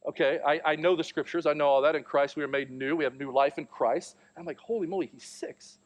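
A man's voice: a little high, fast talker, highs cut off. A man in his thirties preaching a sermon, telling a family story and acting out the voices in it. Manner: storytelling, animated, acts out quotes. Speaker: pastor.

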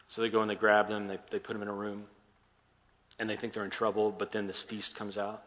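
Man preaching, low voice, casual storytelling with acted-out dialogue, dull sound, long hall echo. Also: level tone, quick pace, a bit bright. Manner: retells scripture casually with quoted dialogue and jokes. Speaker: pastor. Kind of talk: sermon storytelling. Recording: muffled, echoey hall sound.

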